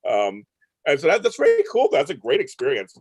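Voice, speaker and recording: Male host, animated pitch, dry close sound, chatty and rambling with lots of repetition. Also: fairly quick, breathy edge, dry recording. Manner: enthusiastic, rambling, repeats himself. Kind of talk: casual interview chat. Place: Los Angeles.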